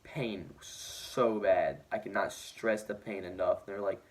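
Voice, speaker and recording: Rambling teenage guy, low voice. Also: steady tone, unhurried. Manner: rambling, heavy use of "like" fillers. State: injured, shaken. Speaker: vlogger. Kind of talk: casual storytelling to camera.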